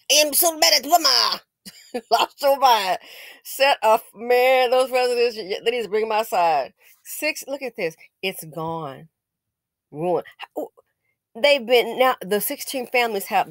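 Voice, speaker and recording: A woman's voice: medium pitch, dry recording, studio quality. A woman giving casual news commentary, indignant and scolding, with sarcastic exclamations.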